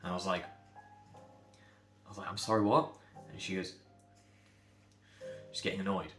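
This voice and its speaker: A man from England, a speech coach, talking bluntly and emphatically to camera, sometimes building to loud outbursts. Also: low voice, level tone, moderate pace, roomy sound, faint music behind.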